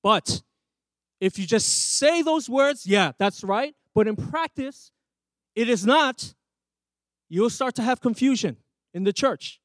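High-voiced preaching man, dry sound. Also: animated, slow, pauses often, no room sound. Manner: emphatic, asks the congregation questions. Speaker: pastor. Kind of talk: sermon. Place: church.

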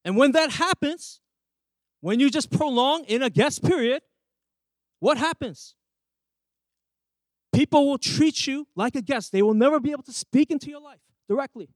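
A very high-voiced pastor preaches at a moderate pace, leaving long pauses, with no echo on the recording. His church sermon is emphatic and peppered with questions to the congregation.

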